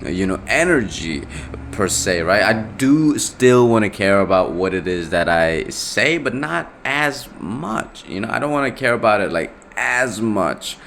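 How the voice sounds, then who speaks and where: Young male solo podcaster, very low voice, rambling and self-correcting, light hiss behind. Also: sing-song, measured pace, vocal fry, a bit bright. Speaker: podcast host. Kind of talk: casual solo podcast monologue.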